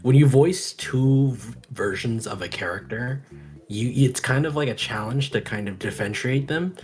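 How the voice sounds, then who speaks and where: A man's voice: medium pitch, moderate pace, darkish tone. A man hosting a casual live stream, rambling and correcting himself. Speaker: host.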